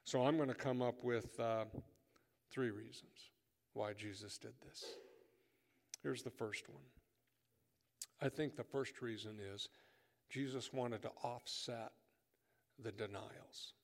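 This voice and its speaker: A man's voice: medium pitch, gravelly. Man preaching in a reverberant hall. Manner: animated, acts out dialogue, drops to a whisper for emphasis. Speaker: pastor. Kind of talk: sermon.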